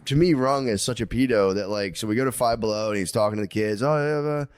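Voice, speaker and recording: A man's voice: lowish voice, fast, no echo. Brief: man, 30s, podcast co-host, rambling profane storyteller, dry close sound. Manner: rambling, profane, acts out quotes loudly. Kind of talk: casual comedic chat.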